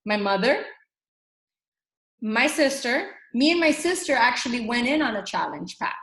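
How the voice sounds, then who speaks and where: A woman in her thirties giving an animated motivational coaching talk, acting out little bits of dialogue. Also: on the high side, normal speed. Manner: animated, acts out quoted dialogue. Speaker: fitness coach team leader. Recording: roomy echo.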